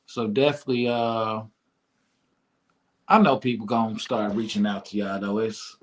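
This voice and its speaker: A man's voice: on the low side, steady tone, normal speed. A man hosting a casual interview show, easygoing and slangy, encouraging his guest. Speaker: radio show host.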